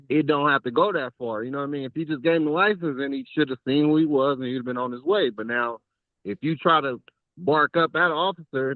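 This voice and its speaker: A man's voice: medium pitch, no echo. A man calling in to a radio show, explaining his view in a casual way. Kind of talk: call-in radio talk. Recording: tinny phone line.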